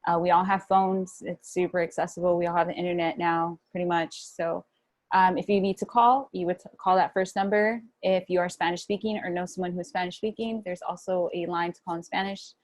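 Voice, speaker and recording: A woman with a lowish voice talks over a video call, relaxed and encouraging. She leans on fillers as she goes. The sound is dry and close. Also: a little fast, no echo. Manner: encouraging, loose, many fillers. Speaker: guest speaker on mental health. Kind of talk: casual video call talk.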